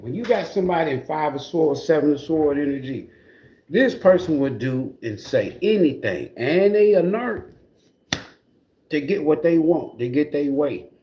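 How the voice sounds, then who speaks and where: A man's voice: a little high, warm tone, a little hiss or hum. A man giving a casual livestream tarot reading in a blunt, profane, mocking way. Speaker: tarot reader.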